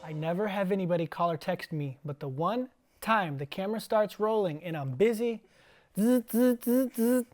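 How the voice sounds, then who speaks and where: A man's voice: high voice, soft background music. Playful chatty man hosting a podcast. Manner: playful, chatty, sounds out words slowly. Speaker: teacher and podcast host. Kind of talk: casual interview.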